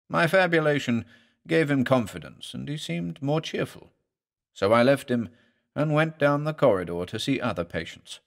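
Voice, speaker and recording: A man reads a horror tale aloud in a grave, dramatic voice. His mid-pitched delivery swings widely in pitch, rising and dropping with the story. It is scripted storytelling from start to finish. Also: very animated, moderate pace, vocal fry. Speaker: narrator.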